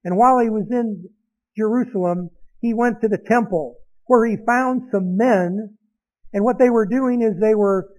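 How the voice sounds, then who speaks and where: A man with a notably high voice delivers a sermon, walking through a scripture passage. He talks in a conversational way, pausing for asides to his listeners. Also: a little mellow, rough recording. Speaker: preacher.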